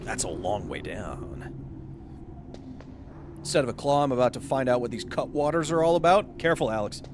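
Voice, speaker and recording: A young man streaming a video game live, joking and talking excitedly with his chat. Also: mid-range voice, normal speed, background noise. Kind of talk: casual let's-play chat.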